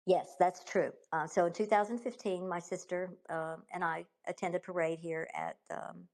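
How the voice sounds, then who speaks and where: Southern woman guest, low voice, emphatic storyteller who restarts and repeats herself. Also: steady tone, normal speed, a little mellow. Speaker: guest, author. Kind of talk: conversational interview storytelling.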